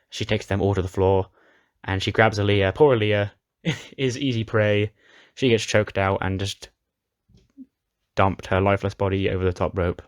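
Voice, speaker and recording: A man casually recapping a wrestling simulation game, chatty and often restarting his sentences. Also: fairly low pitch. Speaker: game commentator.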